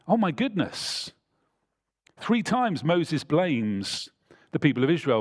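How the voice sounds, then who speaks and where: A man's voice: a little high, very animated, slow pace. A man preaching a sermon in a church, telling a scripture story and reading passages aloud with emphasis. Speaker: pastor.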